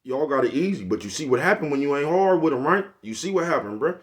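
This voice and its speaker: A man's voice: on the high side, animated, quick pace. An older man, giving a blunt, preachy, profane motivational monologue to his viewers. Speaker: vlogger.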